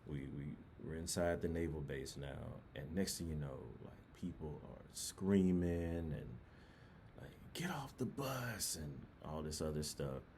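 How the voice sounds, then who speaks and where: A man's voice: a bass voice, fairly even intonation, measured pace, mellow, slight background noise. A young man from New Orleans casually telling a personal story in a rambling, laid-back way with many fillers.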